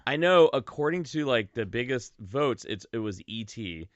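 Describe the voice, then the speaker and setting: A middle-aged man co-hosting a casual sports podcast, excitable and rambling, with lots of fillers and laughter. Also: medium pitch, moderate pace, no room sound. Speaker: podcast co-host. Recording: dull, dry lo-fi podcast mic.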